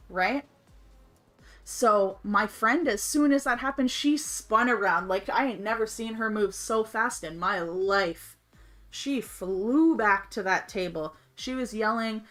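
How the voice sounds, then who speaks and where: A woman telling a story in casual, colloquial, animated talk on a livestream, swearing freely. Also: mid-range voice. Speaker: streamer's wife, co-host of a gaming livestream.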